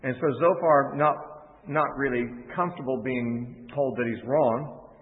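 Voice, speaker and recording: A man's voice: mid-range voice, measured pace. A man teaching through a Bible book verse by verse, talking freely and reading passages aloud. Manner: unscripted, with restarts and reading aloud from scripture. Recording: tinny phone-like sound with long reverb.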